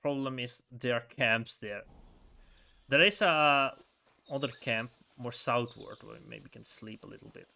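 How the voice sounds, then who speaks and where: A man's voice: medium pitch, unhurried, creaky, sharp tone. A man giving casual let's-play commentary while playing a story game, rambling with frequent chuckles and restarts.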